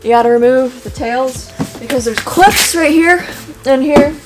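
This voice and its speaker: A woman's voice: sits high, a little slow, over music, poor audio. A woman casually chatting while working on her car, blunt and self-mocking, swearing freely. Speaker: car DIY vlogger. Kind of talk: casual workshop chat.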